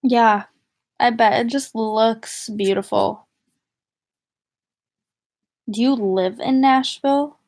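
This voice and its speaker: A woman's voice: fairly high pitch, slow pace, pauses often, a little mellow. A young woman from the northern United States chatting casually to viewers on a livestream, rambling and giggly. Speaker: vlogger.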